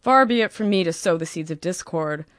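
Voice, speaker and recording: A woman voicing an older, sardonic gentleman uncle with a dry, ironic delivery, pitched lower than her own voice. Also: lively intonation, fairly quick, dry recording, natural voice. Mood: droll, sardonic.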